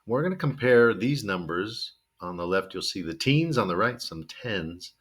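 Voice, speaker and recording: A man teaching English to learners, explaining slowly and drilling words with exaggerated pronunciation, often checking in with "right?". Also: lowish voice, expressive, fairly bright tone, slightly rough. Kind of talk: video lesson for learners.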